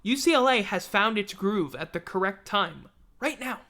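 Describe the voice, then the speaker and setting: A man's voice: high-pitched, lively intonation, moderate pace, pushed and bright. A man hosting a casual sports recap, blunt and sarcastic, tired and yawning. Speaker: host of a sports podcast.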